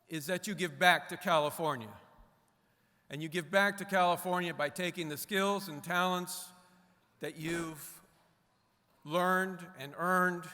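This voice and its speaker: A man's voice: sits high, sharp tone, long reverb tail. A middle-aged man giving a formal, earnest commencement speech at a podium, stressing his key phrases by repeating them. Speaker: commencement guest speaker.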